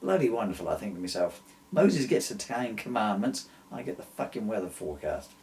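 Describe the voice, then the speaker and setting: Man reading as sardonic grumbling old Noah, lively pitch, comic storybook. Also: brisk. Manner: complaining, sardonic.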